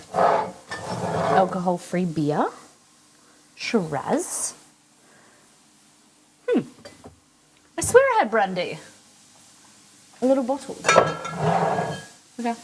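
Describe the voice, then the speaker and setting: A woman's voice: mid-range voice, heavy background noise. Chatty, laughing woman cooking live. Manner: chatty, laughing, playful and self-mocking. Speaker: cooking show host. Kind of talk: casual live-stream cooking chat. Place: home kitchen, indoors. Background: frying and sizzling in a pan.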